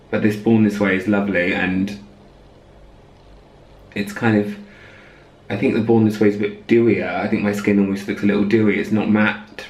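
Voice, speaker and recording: A man's voice: lowish voice, roomy sound. A man in casual vlog chat, upbeat and chatty with lots of ums and laughs, at times out of breath while walking. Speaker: vlogger. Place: outdoors on a street, then indoors. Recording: noisy outdoor background with traffic.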